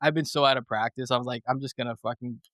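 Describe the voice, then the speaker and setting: A man's voice: medium pitch, fairly even intonation, quick pace, fairly bright tone, no room sound, clean studio sound. A man hosting a movie podcast, telling a story in casual chat with swearing and laughter. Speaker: podcast host.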